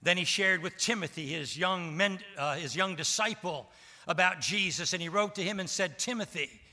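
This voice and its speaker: Male pastor, emphatic sermon, high voice, very bright tone, long hall reverb. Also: moderate pace. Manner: emphatic, asks the congregation for responses.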